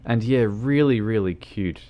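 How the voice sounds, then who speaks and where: Low-voiced New man rambling on stream. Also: measured pace, highs cut off. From New Zealand. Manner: rambling, hesitant, many fillers and restarts; self-deprecating, joking. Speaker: game streamer. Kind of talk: casual livestream chat while driving in a game.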